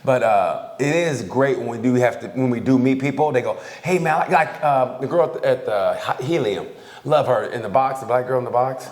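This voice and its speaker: A man's voice: medium pitch, a little fast. New york guy in his 50s, podcast cohost, swears a lot, laughs, roomy echo. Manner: animated, laughing, swearing often. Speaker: podcast co-host. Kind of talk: casual chat. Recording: echoey room.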